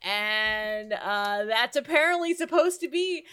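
Wry woman with a bright voice. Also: a little high, animated, takes it slowly, clear, resonant tone. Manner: wry, recapping with dry jokes. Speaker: podcast co-host. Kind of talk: casual chat.

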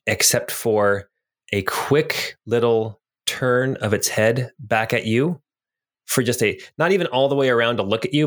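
A man's voice: mid-range voice, a bit bright. Man running a tabletop game. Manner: descriptive, hesitant with fillers. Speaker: game master.

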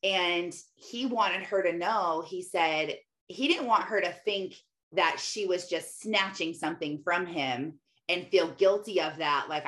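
A woman's voice: lowish voice, unhurried, fairly bright tone. A mother talking casually about faith and scripture, retelling a Bible story in an easygoing way, with frequent "like" fillers. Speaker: mother sharing faith reflections. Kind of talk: casual devotional talk on scripture.

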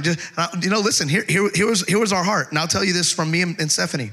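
A middle-aged man preaching a sermon as pastor, telling stories with humor and slowing down to stress scripture. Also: high voice, bright, forceful tone. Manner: conversational storytelling with humor.

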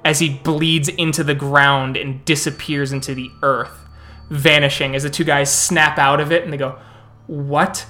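A man's voice: on the high side, little pitch movement, normal speed, bright, forceful tone, soft background music. A man serving as storyteller, narrating a tabletop role-playing game in a flowing, descriptive way.

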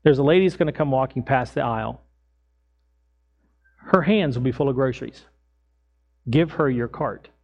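A middle-aged man preaching as a pastor, telling everyday stories in a lively way and acting out his own lines. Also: mid-range voice, moderate pace, long pauses. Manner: animated storytelling, acts out his own lines loudly. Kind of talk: sermon with personal stories.

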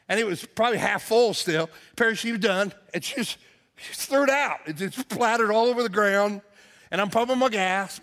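A high-pitched man preaches from a church stage, his voice carrying a gravelly edge. He tells stories in a run of quick phrases, then shouts or draws out key lines. His words ring with a long reverb in the hall. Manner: storytelling, shouts for emphasis, drawn-out slow phrases. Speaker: pastor. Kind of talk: sermon. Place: church auditorium.

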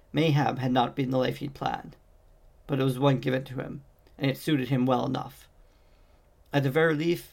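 A man with a gravelly, medium-pitched voice reads a fantasy novel as an amateur audiobook narrator, with frequent slips and restarts along the way.

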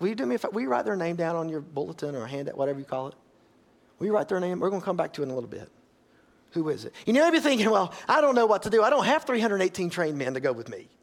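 A pastor preaching a sermon, emphatic and folksy, rising to loud exhortation and dropping to quiet asides. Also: male voice, sits high.

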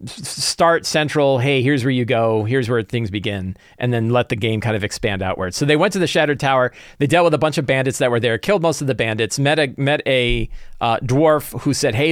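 A man recapping his tabletop game session as game master, animated and quick to act out his players' lines. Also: medium pitch, dry recording, clean studio sound. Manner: animated, acts out player and NPC quotes, frequent restarts.

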